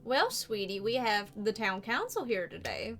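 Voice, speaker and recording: A woman voicing a tired, busy mother cat in a video game, speaking gently and distractedly to her child. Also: medium pitch, big pitch swings, normal speed. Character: weary, busy middle-aged cat mother. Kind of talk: game character voice acting.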